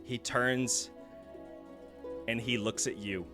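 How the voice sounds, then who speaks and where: Guy gm narrating gory horror stuff for his table, goes quiet and hushed, music going in the back. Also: mid-range voice, fairly even intonation, slow pace. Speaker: game master. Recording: music underneath.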